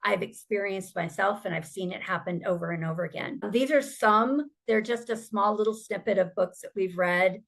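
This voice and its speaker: A woman's voice: mid-range voice, normal speed, vocal fry, few pauses, a bit bright. A woman speaking as a survivor advocate, giving an earnest, emphatic personal testimony.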